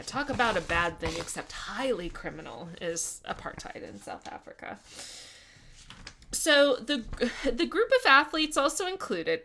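A woman's voice: medium pitch, creaky, bright, forceful tone. A woman co-hosting a podcast, telling a history story in a casual, chatty way with frequent laughs and fillers. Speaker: podcast co-host.

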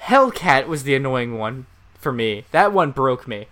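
A man co-hosting a casual podcast chat, his voice bright and edged with a smooth, clear polish. He talks in an animated way, jumping loud at times with shouted sound effects. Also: mid-range voice, unhurried. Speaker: co-host.

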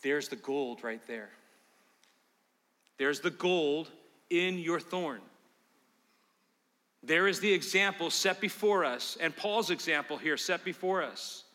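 Bright-voiced preacher in an echoing church. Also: male voice, on the high side, lively intonation, slow, pauses often. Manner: emphatic preaching that swings from loud to hushed. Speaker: pastor. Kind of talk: sermon. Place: church sanctuary. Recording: reverberant church hall.

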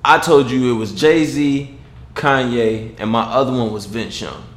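A man in casual chat, explaining his views slowly and deliberately. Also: medium pitch. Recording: echoey room.

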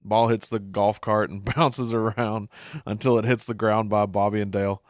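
A man's voice: fairly low pitch, little pitch movement, normal speed, no room sound, clean studio sound. A man hosting a casual episode recap, chuckling often as he reads out the captions. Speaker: show recap host.

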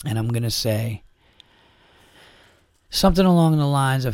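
A man's voice: mid-range voice, lively intonation, unhurried, long pauses, a little mellow, smooth, no room sound, studio quality. A man hosting a podcast on his own, talking in a rambling, exasperated and profane way, full of restarts and asides. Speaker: podcast host. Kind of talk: casual solo podcast monologue.

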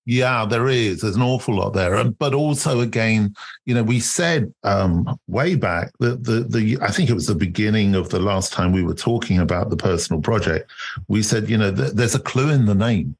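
A man's voice: fairly low pitch, expressive, normal speed. A man hosting a podcast, talking in a thoughtful, reflective way in a casual conversation. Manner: thoughtful, reflective, mild restarts. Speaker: podcast host.

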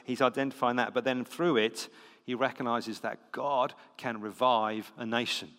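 A man's voice: mid-range voice, steady tone, normal speed, fairly bright tone. A man preaching a sermon, reading scripture and then explaining it in a conversational, emphatic way with the odd filler and restart. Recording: long hall reverb.

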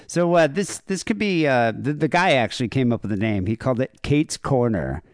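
A man co-hosting a podcast, rambling and crude, often breaking into laughter. His pitch swings widely as he talks. The sound is dry and close, with no room echo. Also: lively intonation, brisk. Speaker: podcast co-host. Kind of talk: casual podcast banter.

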